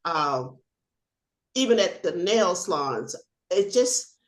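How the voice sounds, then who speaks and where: An older woman, a former police officer, telling a personal story on a video call, animated and acting out the shouting and laughter. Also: on the low side, slow pace, reverberant.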